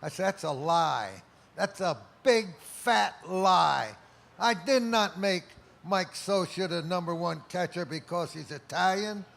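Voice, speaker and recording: A man's voice: high voice, unhurried, vocal fry, a bit bright. A man in his eighties, accepting an award and telling jokes in a wry storyteller's manner. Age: 80s. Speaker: award honoree.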